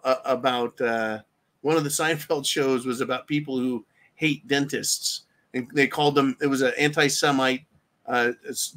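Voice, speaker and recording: A man's voice: mid-range voice, fairly bright tone. A middle-aged man hosting a solo commentary rant, rambling, sarcastic and profane. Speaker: host.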